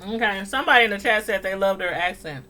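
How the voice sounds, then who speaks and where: Woman host, middle-aged, bright tone, laughs a lot, reads the chat. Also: mid-range voice, expressive, fast talker. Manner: laughs often, reads chat comments aloud. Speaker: livestream host. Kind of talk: casual chat.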